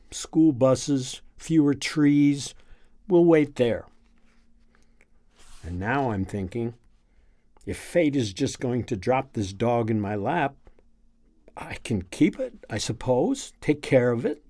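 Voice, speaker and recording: Man, storyteller, slow, measured, reflective, dry close sound. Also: medium pitch, a little mellow, no room sound. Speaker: narrator. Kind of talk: first-person story reading.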